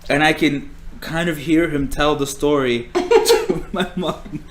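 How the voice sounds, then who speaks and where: A man's voice: fairly high pitch, slow, a little hiss or hum. A young man casually telling a funny story on a podcast, swearing and laughing as he goes. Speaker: podcast co-host.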